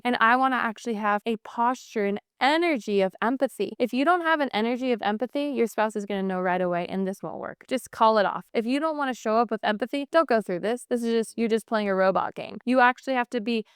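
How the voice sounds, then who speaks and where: A woman's voice: on the high side, quick pace, hardly any pauses, clear, resonant tone, no room sound, clean studio sound. A woman in her thirties co-hosting a podcast, talking in an earnest, flowing, explanatory way. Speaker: podcast co-host. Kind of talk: casual chat.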